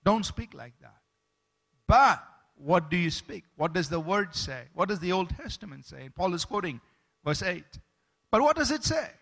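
A man's voice: high voice, sharp tone. A man preaching a sermon as pastor, emphatic, stopping to ask the congregation for amens.

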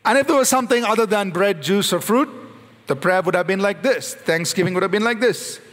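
Male pastor, high voice, animated sermon delivery, big echoing church. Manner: animated preaching, slowing and rising on quoted prayers. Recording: long hall reverb.

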